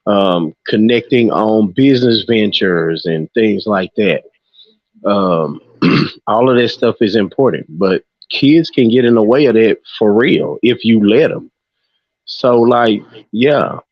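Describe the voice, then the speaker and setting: A man's voice: on the low side, dry recording. A man co-hosting a podcast, talking frankly and loosely in casual chat, with frequent swearing and restarts. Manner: frank, rambling, swears freely. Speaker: podcast co-host. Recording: muffled lo-fi audio.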